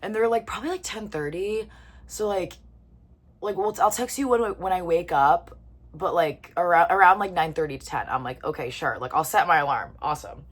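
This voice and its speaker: A young woman in her twenties with a fairly low voice tells a story in casual vlog chat. She talks to the camera and fills her sentences with "like". She sometimes stops to eat a bite. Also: brisk. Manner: chatty, lots of "like", eating while talking. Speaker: vlogger.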